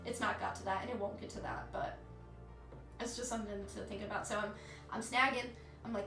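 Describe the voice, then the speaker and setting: A candid woman in her thirties, chatting to her stream with a slightly high voice and swearing freely. The room is echoey and faint music plays behind her. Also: fairly even intonation, brisk, sharp tone. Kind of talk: casual chat with live chat.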